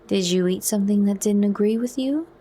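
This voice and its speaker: A man's voice: high voice, fairly quick, dark tone. A woman voicing a nervous, apologetic young man with a hesitant manner in a whispered role-play. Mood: earnest.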